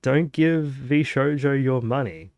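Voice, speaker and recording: A man's voice: mid-range voice, slow pace, darkish tone. A young man hosting a casual podcast chat, rambling with many fillers. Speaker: podcast host.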